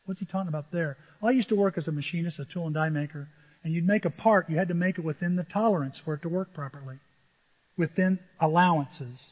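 A high-pitched middle-aged man preaching from the pulpit, mixing jokes and personal stories with lively asides to his congregation. The sound is muffled and dull, with a long reverb trailing off the walls of a church sanctuary. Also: fast talker. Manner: humorous storytelling, animated asides to the congregation. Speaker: pastor. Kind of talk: sermon.

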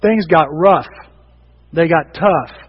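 A male pastor preaching a sermon in an animated, conversational way, often restarting his sentences. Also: a little high, slow, breathy edge, long reverb tail, muffled recording.

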